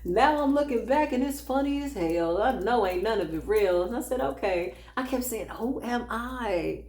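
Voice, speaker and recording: A woman tells spiritual stories in a casual monologue. Her voice sits high and swings widely as she acts out quotes and laughs often. The recording has a roomy echo. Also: expressive, moderate pace, a little mellow. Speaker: spiritual practitioner.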